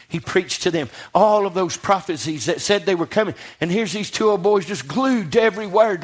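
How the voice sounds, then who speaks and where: A man preaching a sermon in a church, rising to fervent passages and putting questions to his congregation. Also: on the high side.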